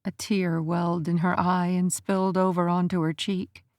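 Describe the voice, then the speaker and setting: A woman narrating a romance audiobook in an even, measured storytelling manner. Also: lowish voice, no room sound, studio quality.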